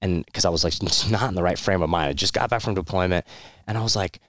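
A man's voice: sits low, quick pace, a bit bright, no echo, studio quality. A man, a military veteran, telling his personal story in a candid, rambling way, with many fillers, restarts and short laughs.

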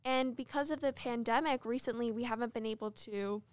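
A woman's voice: fairly high pitch, fairly quick, no echo. Upbeat teen girl podcaster. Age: teens. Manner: upbeat, teasing, uses fillers like "like" and "um". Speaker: podcast co-host. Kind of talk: casual podcast chat.

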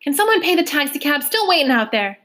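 A woman's voice: high-pitched, big pitch swings, quick pace, a bit bright, voice pushed up. A woman voicing a breathless, flustered foster mother. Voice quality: breathy, puffing. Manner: pleading, distressed. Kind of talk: reading a novel aloud.

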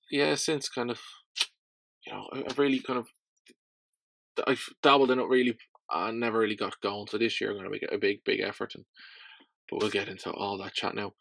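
A man's voice: fairly low pitch, vocal fry, a bit bright, no echo. Stuffy-nosed man hosting a podcast. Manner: rambling, with many fillers and restarts. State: stuffy, nasal from a cold. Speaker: podcast host. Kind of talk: casual solo podcast chat.

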